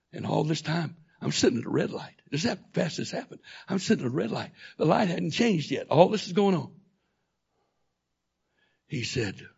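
A man preaching a sermon, telling a personal story that swings from quiet, low talk to loud, shouting intensity. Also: gravelly, slightly rough, highs cut off.

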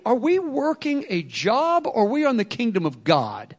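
A man preaching a sermon with energy, swinging between loud bursts and quiet asides to the congregation. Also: very high voice, normal speed, hardly any pauses. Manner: energetic preaching, acts out excuses in quotes. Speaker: pastor.

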